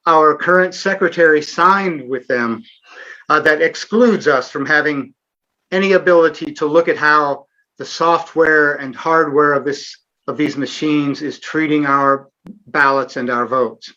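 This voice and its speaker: A man's voice: a little high, a little slow, pushed and bright, muffled recording. A middle-aged man hosting a live online Q&A, talking earnestly with sarcastic asides and frequent fillers. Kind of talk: casual livestream interview.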